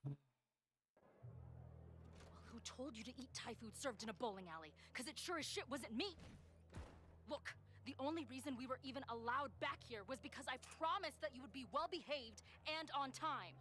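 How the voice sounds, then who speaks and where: A woman's voice: high-pitched, expressive, normal speed, pushed and bright, a little hiss or hum. An exasperated young woman. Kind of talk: video game dialogue.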